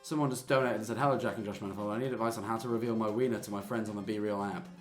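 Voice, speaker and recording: A man's voice: lowish voice, fairly even intonation, roomy sound, faint music behind. A young man in his twenties with an English accent, co-hosting a stream and giving joking advice to callers. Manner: joking, quick banter. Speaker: streamer co-host. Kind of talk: casual advice chat.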